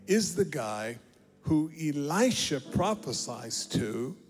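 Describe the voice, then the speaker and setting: A man preaching a sermon, swinging between loud declarations and low asides as he retells scripture with acted dialogue. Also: sing-song, slow, soft background music.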